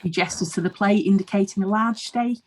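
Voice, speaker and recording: A woman's voice: mid-range voice, a little fast, low-quality recording. A woman, host of the show, narrating her comic script in a dry, mock-solemn way.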